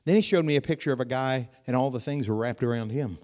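A middle-aged man preaching a sermon in a voice that sits in the middle of the male range. He talks to the congregation like a friend, asking them questions, then lifts his volume for emphasis and slows down on the key lines. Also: mid-range voice. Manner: animated preaching with rising volume and dramatic pauses; conversational, asks the audience questions.

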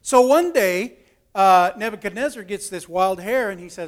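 Brief: male preacher, higher pitch, folksy storyteller, dramatic swings in loudness. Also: animated, normal speed. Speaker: pastor. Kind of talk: storytelling sermon.

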